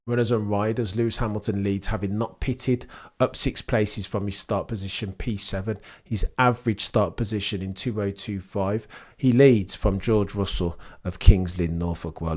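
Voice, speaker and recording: Man, live race commentary, exasperated, slangy, lowish voice. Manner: exasperated, swings from animated to deflated; informal, slangy, sarcastic. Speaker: streamer commentating a race watchalong.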